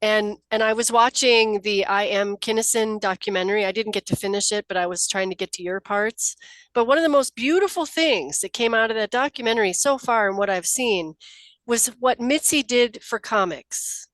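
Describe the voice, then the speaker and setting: A woman's voice: medium pitch, moderate pace, fairly bright tone, dry recording, rough recording. A woman hosting a casual interview podcast, asking questions and laughing along with her guest. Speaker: podcast host.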